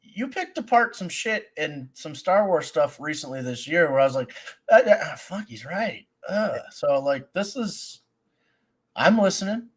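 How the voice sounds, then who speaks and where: A man co-hosting a casual podcast, reacting with lively, joking remarks from a little farther off the mic. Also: fairly high pitch, measured pace. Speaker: podcast co-host. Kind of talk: casual chat.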